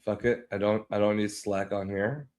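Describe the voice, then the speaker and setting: A somewhat low, darkish voice with flat delivery moves at normal speed. The speaker is a video editor on a live stream, casually chatting while working, muttering to himself and swearing in passing, and sounding a bit stuffy and ill from pollen.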